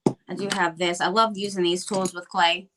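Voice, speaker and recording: A middle-aged woman talks through her crafting on a live stream. Her voice sits fairly low, and her chat is loose and rambling, with plenty of ums and self-corrections. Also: little pitch movement, normal speed, sharp tone. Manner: chatty and rambling, with many fillers and restarts. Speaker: crafting livestream guest.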